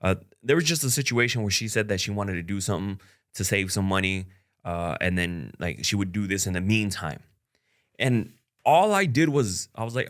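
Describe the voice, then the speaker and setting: A young content creator talks frankly and at length about a breakup in a casual personal vlog, rambling and full of "like" and "you know." His voice is fairly low, expressive, brisk, and a bit bright.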